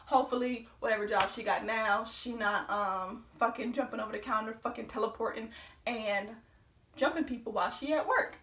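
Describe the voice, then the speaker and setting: A young woman telling a personal story on her vlog, animated and profane, acting out the quotes. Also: on the high side, fairly quick, echoey room, recorded from a distance. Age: young adult. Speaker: vlogger.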